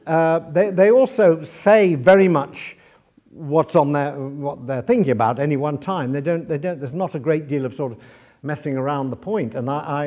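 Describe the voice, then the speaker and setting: A man with a somewhat high voice tells travel stories to a live audience at a library event. He talks as an engaged, lively storyteller, often breaking off with "um" and "uh" and restarting his sentences. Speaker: guest speaker, author. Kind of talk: anecdotal talk to a live audience.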